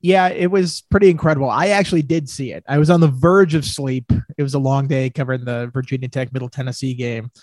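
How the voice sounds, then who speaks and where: A man co-hosting a casual college football talk show, reacting with lively disbelief. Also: medium pitch, fast, few pauses, no echo. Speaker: co-host, college football reporter.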